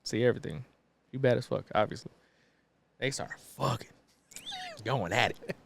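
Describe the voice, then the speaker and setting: A man's voice: mid-range voice, normal speed, gravelly, slight background noise. A man co-hosting a podcast, casually retelling a movie plot in a laid-back, profane way with lots of fillers. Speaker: podcast co-host.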